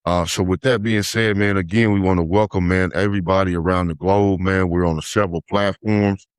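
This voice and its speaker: Deep-voiced man, "man" every phrase. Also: fairly even intonation, fairly quick, clean tone, no room sound, studio quality. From United States. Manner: says "man" after nearly every phrase, many "uh" fillers. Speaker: podcast host, life coach. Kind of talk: casual podcast commentary.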